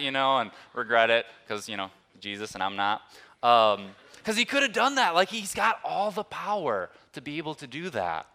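A married man preaching a conversational sermon, moving between hushed, tender moments and loud, emphatic ones. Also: mid-range voice, animated, fairly quick. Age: adult, old enough to be married. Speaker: pastor.

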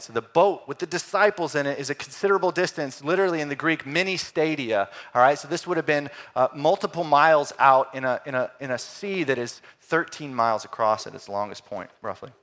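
A middle-aged man preaching a sermon, animated, swinging from loud exclamations to hushed, quiet phrases. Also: a little high, fairly quick, few pauses. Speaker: pastor.

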